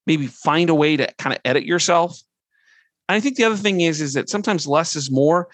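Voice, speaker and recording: A middle-aged man giving a conversational training presentation, earnest and relaxed as he walks through his points one by one. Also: on the high side, no echo.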